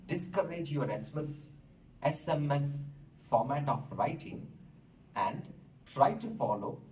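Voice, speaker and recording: A male teacher with an Indian English accent lectures at a very slow, deliberate pace, spelling words out letter by letter as he explains. His voice sits back from the mic in a roomy, echoing space, with a faint hiss underneath. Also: on the high side, lively intonation, a little mellow, recorded from a distance. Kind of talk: classroom lecture.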